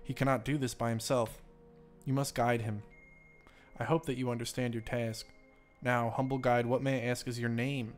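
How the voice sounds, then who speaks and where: A man voicing a solemn, mystical older male guide in a game, speaking in a hushed, formal, grand way. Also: mid-range voice, little pitch movement, normal speed, faint music behind, natural voice.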